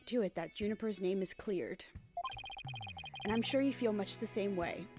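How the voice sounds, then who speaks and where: A woman's voice: medium pitch, normal speed, music in the background, voice pushed down, lightly acted. A woman voicing a determined, loyal young female lawyer, speaking earnestly and upbeat.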